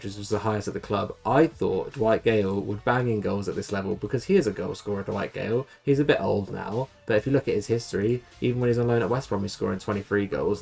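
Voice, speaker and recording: A man's voice: on the low side, gravelly, darkish tone. A young man giving casual, rambling and self-deprecating commentary on his football management game save. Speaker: gaming YouTuber.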